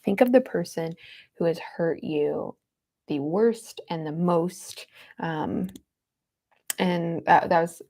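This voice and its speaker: A woman's voice: fairly low pitch, vocal fry, warm tone. A woman hosting a livestream, talking earnestly and tenderly while greeting viewers in the chat. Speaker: livestream host. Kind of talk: casual heartfelt live chat.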